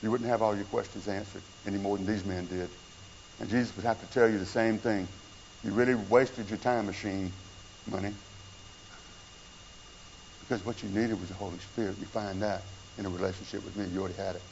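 Male pastor, conversational sermon, hushed then emphatic, muffled lo-fi recording, faint hum behind. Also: fairly quick, creaky, pauses often. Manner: conversational preaching with wide swings in pitch and loudness. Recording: dull lo-fi church recording with faint room sound.

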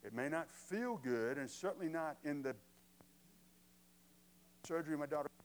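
A man's voice: on the high side, expressive, normal speed, rough recording. A man preaching a sermon as pastor, conversational and emphatic, asking the congregation rhetorical questions.

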